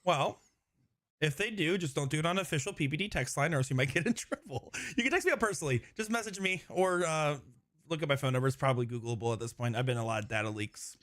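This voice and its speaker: A man's voice: fairly high pitch, fast talker, a bit bright, no room sound. A man commentating a live darts stream, rambling and laughing often as he chats with his co-host. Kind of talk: live sports commentary, casual banter.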